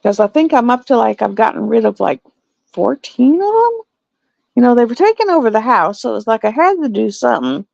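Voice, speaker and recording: A middle-aged woman tells a story on a livestream, and her voice jumps all over the place. It sits fairly high, with a gravelly edge. The sound is dull and lo-fi, with no room echo. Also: brisk. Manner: animated storytelling with laughs. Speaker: livestream host. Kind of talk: casual chat.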